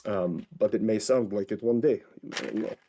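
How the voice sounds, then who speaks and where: Mellow low-voiced man rambling playfully. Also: moderate pace. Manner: rambling, playful, chatty asides to viewers. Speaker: vlogger and actor. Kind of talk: casual solo vlog monologue. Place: at home, indoors.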